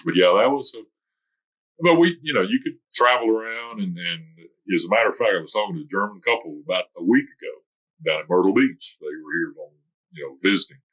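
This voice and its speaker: Deep-voiced older man telling stories. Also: lively intonation, fairly quick, fairly bright tone, lo-fi sound. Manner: rambling anecdotal storytelling. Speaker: interviewee, retired military veteran. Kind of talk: oral history interview.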